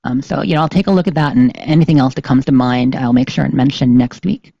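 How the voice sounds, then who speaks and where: A podcast co-host chatting casually from a home streaming setup, rambling with lots of ums and quick laughs. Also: medium pitch, vocal fry, mellow, dry recording. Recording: slightly dull sound.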